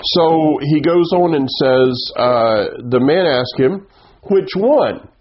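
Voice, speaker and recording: A man's voice: medium pitch, slow. A man with a Southern US accent preaching a sermon, teaching earnestly and often restarting his sentences. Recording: dull lo-fi sound.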